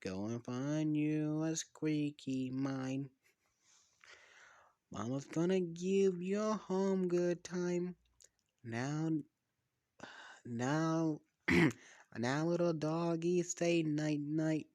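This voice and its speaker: A man voicing a creepy male killer doll who taunts in a slow sing-song. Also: a little high, a little mellow, no room sound, pitched above the performer's own voice. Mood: taunting.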